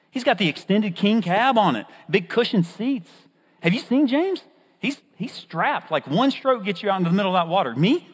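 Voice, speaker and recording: Preacher putting on a whiny fisherman guy, high and all over the place, husky, big echoey hall. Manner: incredulous, pitch jumping high, comic pleading. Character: fisherman Simon, animated young man, reluctant and excuse-making.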